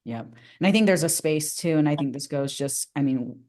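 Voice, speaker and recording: A woman's voice: sits low, expressive, dark tone. Candid middle-aged woman host. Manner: open and candid, quick affirmations. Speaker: podcast host. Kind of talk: casual podcast chat.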